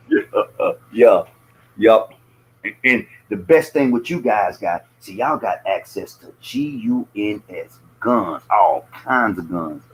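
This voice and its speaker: A man's voice: on the low side, animated, slow pace, rough recording. A man with a Southern US accent telling stories in a loose, profane podcast chat. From American South.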